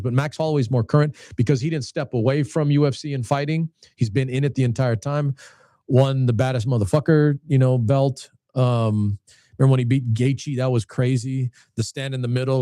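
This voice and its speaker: A man's voice: mid-range voice, warm tone, no room sound, studio quality. Rambling man in his fifties. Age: 50s. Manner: rambling, many restarts and repeated words. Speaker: channel host. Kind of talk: casual talk to camera.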